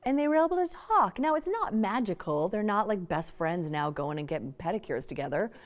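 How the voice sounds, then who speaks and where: Animated woman giving a parenting talk. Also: fairly high pitch. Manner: animated and emphatic, acts out quotes. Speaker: parenting workshop speaker. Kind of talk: public talk.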